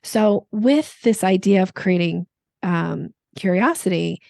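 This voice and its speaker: A woman sales coach speaking as a podcast guest, explaining with lively examples and putting on playful voices. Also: medium pitch, takes it slowly, gravelly, no echo, studio quality. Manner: animated, acts out voices in examples. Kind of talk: podcast interview.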